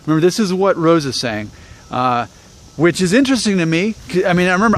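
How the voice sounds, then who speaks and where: A man's voice: high-pitched, lively intonation, fast, a little hiss or hum. Rambling, self-mocking man from Alabama. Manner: rambling and self-deprecating, many fillers and restarts. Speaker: YouTube vlogger. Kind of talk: casual talk to camera.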